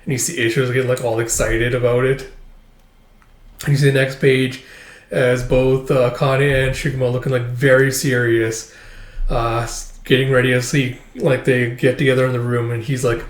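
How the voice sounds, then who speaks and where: A man's voice: medium pitch, little pitch movement, normal speed. A man giving a loose, filler-heavy casual read-through of a comic chapter as its reviewer. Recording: roomy echo.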